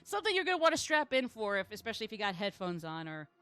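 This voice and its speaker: A woman's voice: mid-range voice, very animated, rapid-fire, fairly bright tone, clean tone, faint music behind. Chatty woman streaming a game. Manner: chatty, self-deprecating, laughs often. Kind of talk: casual gaming stream chat.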